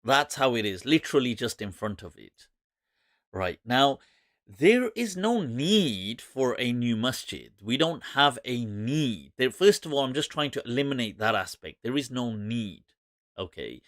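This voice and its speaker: A man hosting a live Islamic Q&A stream, talking in an animated, sarcastic and mocking way. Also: mid-range voice, a little slow, no room sound, studio quality.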